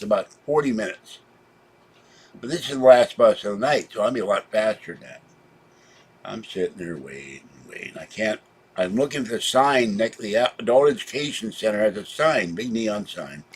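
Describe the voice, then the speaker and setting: A man vlogging a meandering personal story in a chatty way, tired and low on energy, with sudden loud exclamations. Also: animated, normal speed, husky.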